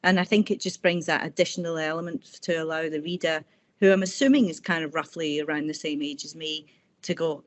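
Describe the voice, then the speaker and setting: A woman author talking in a casual interview over a video call, telling personal stories warmly and restarting her sentences often. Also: low voice, steady tone, fairly quick. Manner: warm, chatty storytelling with frequent restarts. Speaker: author guest.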